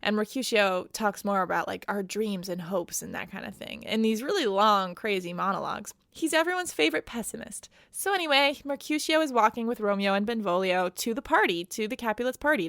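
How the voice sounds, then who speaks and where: A woman's voice: medium pitch, expressive, fairly quick, fairly bright tone, no echo, clean studio sound. A woman podcast host recapping a book in a chatty, wry, slangy way.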